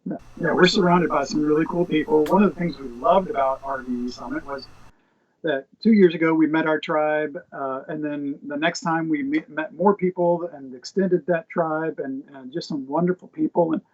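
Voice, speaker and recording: A man's voice: a little high, steady tone. Easygoing man on dull lo-fi audio. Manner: easygoing, halting with fillers. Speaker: guest. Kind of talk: casual video-call chat.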